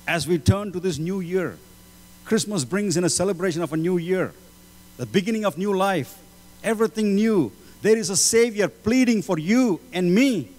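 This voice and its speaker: A man preaching a sermon, swinging between loud pleading passages and low, solemn lines. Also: animated, normal speed. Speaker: pastor. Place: church hall. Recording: hall reverb with mains hum.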